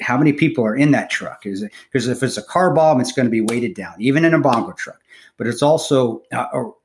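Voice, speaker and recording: Profane man telling a war story. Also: medium pitch. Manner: profane, halting, emotional storytelling. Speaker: podcast co-host, former contractor. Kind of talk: casual storytelling.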